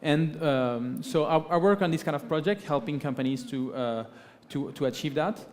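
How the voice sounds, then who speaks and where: A man speaking as a guest on a conference stage, his voice sitting a little higher than most men's. He talks hesitantly, with many fillers, and keeps tagging "right?" onto his points. His voice rings out with a long reverb in the large hall. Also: moderate pace. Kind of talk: conference panel talk.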